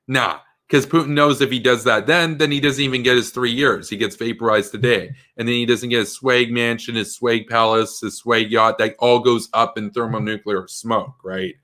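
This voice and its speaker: A male political commentator delivering a fiery monologue, emphatic and combative, firing off rhetorical questions. His voice is bright and forceful at a middle pitch. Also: moderate pace.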